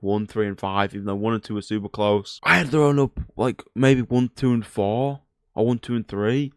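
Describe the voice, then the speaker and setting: Fast-talking Northern English man, low voice. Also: clear, resonant tone, no echo, studio quality. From Northern England. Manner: blunt, slangy, opinionated. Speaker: MMA commentator. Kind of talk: casual recap chat.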